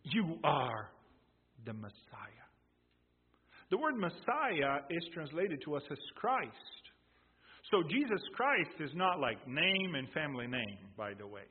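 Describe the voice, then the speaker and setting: Slow emphatic preacher guy, husky voice, swings up and down a lot. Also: fairly high pitch, sing-song. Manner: emphatic, explanatory, repeats key phrases. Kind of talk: sermon. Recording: tinny phone-like sound in a reverberant hall.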